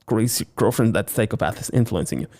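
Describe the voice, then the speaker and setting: A man's voice: fairly low pitch, animated, fast, a little mellow. A man voicing whiny, bratty kids who complain to their father in a skit.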